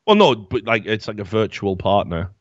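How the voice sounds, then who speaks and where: Podcast host, man, lively swearing chat, dull dry lo-fi sound. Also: lowish voice, moderate pace, dry recording. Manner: animated, swearing, laughing often. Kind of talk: casual chat, reading news stories aloud.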